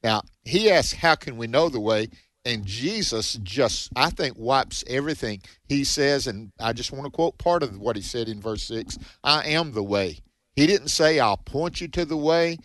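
A man's voice: mid-range voice, lively intonation, moderate pace, fairly bright tone, no echo. Emphatic male radio Bible host. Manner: emphatic, repeats words when starting phrases.

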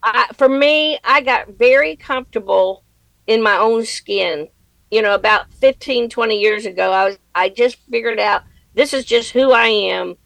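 Brief: middle-aged woman comic as interview guest, gravelly, earnest, dry close sound. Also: on the high side, moderate pace, a bit bright, dry recording, rough recording. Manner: earnest and reflective, laughs easily, faith-centered. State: widowed. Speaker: comedian guest. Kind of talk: conversational interview answers.

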